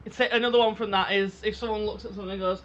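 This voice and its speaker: A woman co-hosting a casual podcast chat, animated and giggly, often slipping into silly voices, recorded on dull lo-fi audio. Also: medium pitch, rapid-fire, slight background noise. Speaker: podcast co-host.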